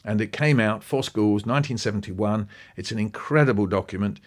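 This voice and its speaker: A man, an interview guest talking with lively enthusiasm and acting out bits of what he describes. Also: on the low side, a little fast. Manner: animated, quoting and acting out passages. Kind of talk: podcast interview.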